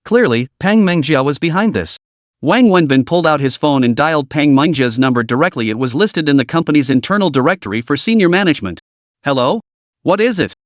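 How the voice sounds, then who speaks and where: A man narrating a comic recap story in a steady, dramatic storytelling manner. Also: on the high side, fast, no room sound, studio quality.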